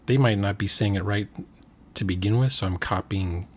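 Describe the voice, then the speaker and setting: A man's voice: lowish voice, moderate pace, breathy edge. A man chatting casually about role-playing games, rambling and trailing off with fillers.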